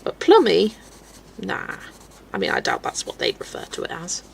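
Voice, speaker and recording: A woman from the UK hosts a casual live stream from home and reads her viewers' comments aloud. Her voice has a touch of gravelly fry. She chats in a giggly, easygoing way over a faint background hiss. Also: lowish voice, wildly swooping pitch, moderate pace, rough recording.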